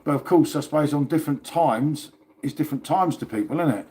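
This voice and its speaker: A man's voice: a little high, fairly quick, mellow. A man hosting a casual livestream, chatting and rambling to viewers and swearing now and then. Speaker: livestream host.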